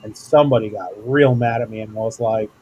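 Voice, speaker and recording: A man's voice: on the low side, fast talker, noisy background. A man with a Southern US accent co-hosting a livestream in casual chat, loose and jokey, swearing freely and calling everyone dude.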